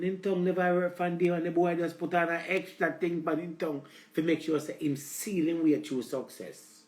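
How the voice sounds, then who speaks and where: A man's voice: fairly high pitch, little pitch movement, normal speed, few pauses, reverberant. A man with a Jamaican accent hosting a live stream, rambling in a preachy, comic rant aimed at his female viewers. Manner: preachy, repeats "let me tell you", addresses the ladies.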